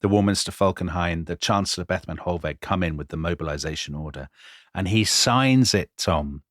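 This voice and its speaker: A man co-hosting a podcast, telling history in a lively conversational way and acting out quoted lines. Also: low-pitched, brisk, dry recording, studio quality. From Britain. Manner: animated, dramatizing quotes with voice changes. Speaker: podcast co-host.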